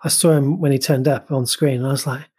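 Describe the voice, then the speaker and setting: A man's voice: medium pitch, steady tone, brisk, a little mellow, husky, no echo. A man co-hosting a casual film review podcast, chatty and enthusiastic, with frequent fillers and restarts.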